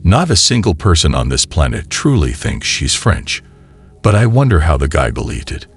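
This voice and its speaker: A man's voice: rumbling low, sing-song, normal speed, slightly rough, soft background music. A man narrating a reaction commentary with wry, moralizing asides.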